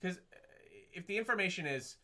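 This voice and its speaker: A man's voice: high voice, lively intonation, brisk, bright, forceful tone. A man co-hosting a casual film review chat, asking incredulous, exasperated questions about the plot. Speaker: podcast co-host.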